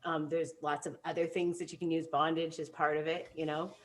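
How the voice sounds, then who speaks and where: A woman co-hosting a casual chat who laughs loudly and teases, then explains topics plainly. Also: deep voice, level tone, fairly quick. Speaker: co-host.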